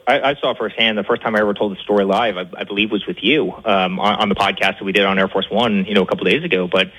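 A man talking as a guest in a fast talk-show interview, stumbling over repeated words and fillers with rising indignation. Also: on the low side, steady tone, a bit bright, husky, rough recording.

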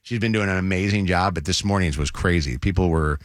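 A man's voice: low voice, brisk, no room sound, studio quality. A man hosting a morning radio show, teasing upcoming segments in casual chat. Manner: promo-style teasers, laughs often.

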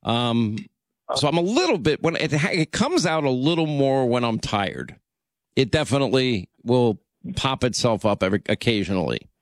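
A man hosting a national radio call-in show, talking briskly with frequent stammered restarts and friendly banter. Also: medium pitch, sing-song, no room sound, studio quality. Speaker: radio talk show host.

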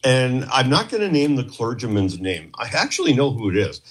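This Canadian guest speaks at a medium pitch, brisk and with a breathy edge. A former police trainer, he's on a talk show spinning a meandering, lively anecdote and performing the lines of the people in it, all in a relaxed storytelling interview.

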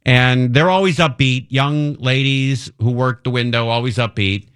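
A man's voice: medium pitch, normal speed, fairly bright tone, clean tone. A middle-aged man hosting a radio show, joking and laughing at himself. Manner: self-mocking, jokey, laughs often. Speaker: radio host. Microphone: studio mic.

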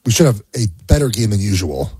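A man's voice: on the low side, sing-song, fast talker, warm tone, slightly rough, no echo. A middle-aged man co-hosting sports radio, a former pro player, talking in mock-sad sarcasm and restarting his words.

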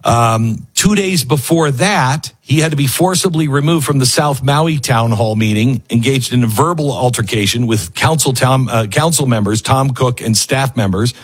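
A man's voice: medium pitch, normal speed, hardly any pauses, breathy edge. A man hosting a casual news commentary show, sarcastic and acting out the people he quotes. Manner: sarcastic, acts out quotes in other voices.

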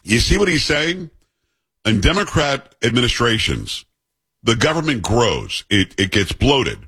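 Blunt man with a husky voice. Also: medium pitch, big pitch swings, measured pace, a bit bright. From New York. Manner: blunt, sarcastic, conversational. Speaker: host. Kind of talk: political commentary.

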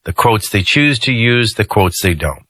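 A low-pitched, somewhat husky male talk radio host speaks forcefully at a moderate pace with lively intonation. His delivery is loose and conversational, peppered with jokey asides. The studio mic sound is close and dry, with no room sound.

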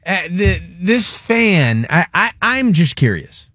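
A man's voice: sits high, big pitch swings, takes it slowly, fairly bright tone. A man hosting a radio show, talking sports in a casual, joking, rambling way.

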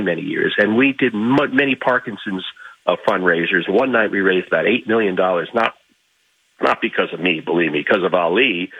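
A man from Miami, a guest in an interview, telling anecdotes in an animated way and restarting his phrases. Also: fairly low pitch, breathy edge, no echo, highs cut off. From Miami, United States. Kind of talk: storytelling interview.

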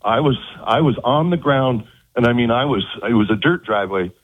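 A man telling of his abduction as an interview guest, halting and repeating words in earnest. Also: mid-range voice, lively intonation, no room sound. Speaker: guest recounting an abduction experience. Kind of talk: phone-in interview. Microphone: telephone. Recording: tinny phone line.

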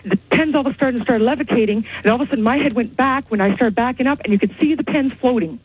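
A woman calling in to a radio talk show, telling a rambling, excited story. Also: on the high side, fast, slightly rough, no room sound, rough recording. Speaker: caller. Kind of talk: call-in radio chat.

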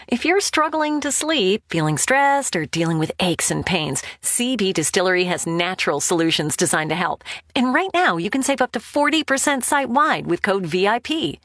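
A woman's voice: medium pitch, fairly bright tone, no echo, studio quality. A woman reading a radio ad in a persuasive, friendly style. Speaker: ad announcer. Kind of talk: radio ad read.

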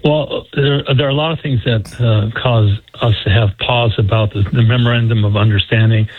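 Husky-voiced man on a phone line. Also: mid-range voice, fairly even intonation, moderate pace. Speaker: guest professor. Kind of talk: radio interview on a phone line.

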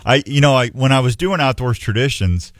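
A man's voice: medium pitch, a little fast, no room sound. Man, middle-aged, radio host, casual rambling chat, folksy, dry close studio sound. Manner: rambling, folksy, self-mocking.

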